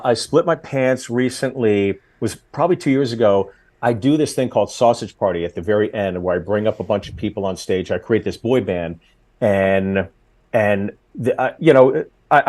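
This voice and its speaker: A comedian in his forties telling a story in casual chat, getting loud and high when he acts out quotes. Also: moderate pace. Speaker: comedian guest.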